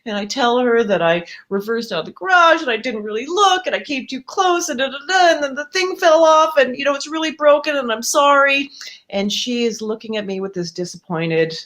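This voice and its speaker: A woman telling a personal story for a live storytelling show, conversational and animated, jumping up in pitch when she acts out quotes. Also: fairly quick. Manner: conversational with fillers and self-interruptions.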